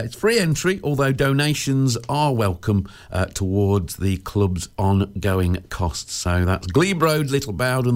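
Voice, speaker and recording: In a radio studio, a man with a medium-pitched voice hosts a local show, chatting casually and wandering off topic. He fills his talk with "uh"s and restarts, cracking jokes and laughing at his own asides.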